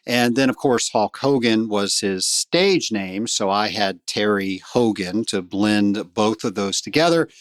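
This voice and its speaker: Man, middle-aged, podcast host, chatty storyteller, mid pitch, dry close mic. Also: no echo. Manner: chatty storyteller, warm asides to listeners. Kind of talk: casual podcast monologue.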